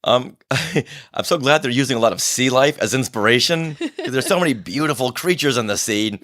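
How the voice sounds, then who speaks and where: A man co-hosting a podcast in casual chat, measured and thoughtful. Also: mid-range voice, lively intonation, a bit bright. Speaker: podcast co-host.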